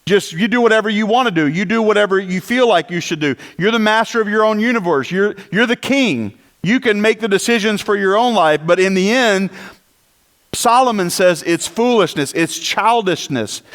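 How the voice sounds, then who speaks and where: A man preaching a sermon in a conversational way, with rhetorical questions and asides. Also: sits high. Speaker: pastor.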